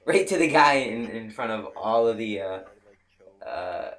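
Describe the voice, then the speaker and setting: A man's voice: lowish voice, animated, measured pace, a bit bright. A young man telling a rambling travel story in a casual way, full of restarts and fillers, laughing at his own jokes. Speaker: video creator.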